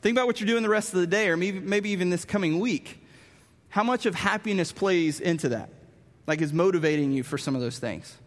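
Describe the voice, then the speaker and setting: High-voiced man preaching in a big hall. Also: a little fast. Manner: animated, self-mocking storytelling. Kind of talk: storytelling sermon. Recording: long reverb of a large hall.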